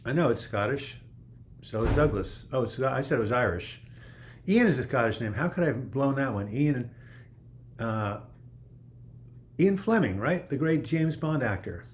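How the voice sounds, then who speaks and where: A man hosts a relaxed livestream Q&A, picking viewer comments off the screen and reading them out. He answers off the cuff in a voice of ordinary pitch, wandering a bit as he goes. A faint hum of room noise sits under him. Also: normal speed, pauses often. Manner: reads viewer comments aloud and answers them in a loose, chatty way; rambling, with frequent "you know" and restarts. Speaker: livestream host. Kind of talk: casual livestream Q&A.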